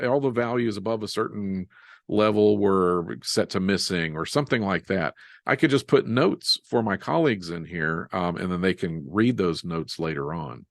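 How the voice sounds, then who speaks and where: A man teaching a live software webinar, explaining each step as he types and joking about his own typos. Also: lowish voice, no room sound, studio quality. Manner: relaxed, self-deprecating, walks through steps while typing. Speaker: software instructor.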